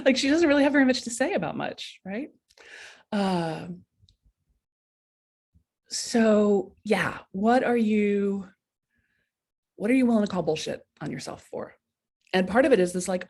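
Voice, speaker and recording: A woman's voice: medium pitch, measured pace, pauses often. A woman hosting a live coaching stream, talking bluntly and casually to viewers and acting out the voices in their heads. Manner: lively, blunt, talks straight to viewers, acts out inner voices. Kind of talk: casual motivational talk. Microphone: webcam or laptop mic for a live stream.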